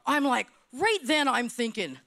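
A woman from Hawaii gives a church testimony in a high, bright voice. Her pitch leaps and swoops constantly as she tells her story dramatically. She repeats key phrases for emphasis, like a seasoned preacher. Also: measured pace, creaky. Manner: animated, dramatic storytelling with repetitions. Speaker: church speaker giving testimony. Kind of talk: sermon testimony.

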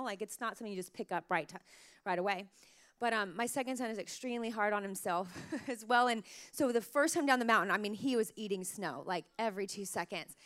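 A woman in her thirties, a mother telling emotional family stories in a casual, animated way, full of "like" fillers, her throat a little sore. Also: fairly high pitch. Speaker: mother sharing parenting stories. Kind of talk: casual storytelling to camera.

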